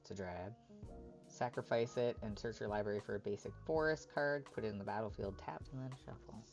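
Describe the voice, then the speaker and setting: A man's voice: on the low side, a little fast, gravelly, faint music behind. A man on a live stream, chatting casually and reading card text aloud as he opens packs. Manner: reads card text aloud in a relaxed running commentary.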